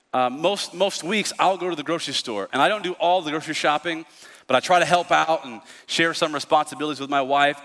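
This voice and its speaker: Pastor guy preaching in church, bright high voice, big hall echo. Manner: storytelling, animated, acts out voices. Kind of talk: sermon.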